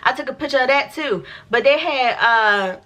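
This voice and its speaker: Young woman vlogging a storytime, bright voice, kinda high, cussing and acting out quotes. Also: normal speed. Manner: animated, profane, acts out quotes with slang. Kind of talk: storytime vlog.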